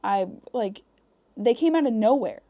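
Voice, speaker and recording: A woman's voice: a little high, measured pace, no room sound. A woman co-hosting a podcast, telling a story in casual chat with lots of "like" fillers. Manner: animated storytelling with many "like" fillers. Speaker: podcast co-host.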